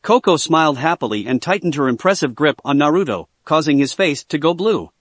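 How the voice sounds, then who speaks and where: A man narrating a fan fiction story in a steady storytelling manner. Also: a little high, a little fast, few pauses, dry recording.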